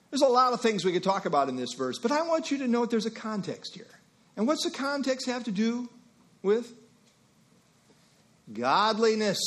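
A middle-aged male pastor preaching an expository sermon, emphatic, with rhetorical questions and quick asides. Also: very high voice, fairly bright tone.

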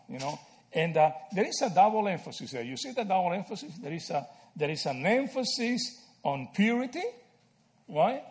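A man from Argentina teaching a Bible study, animated and checking in with "right?" and "okay?" as he explains. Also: fairly high pitch.

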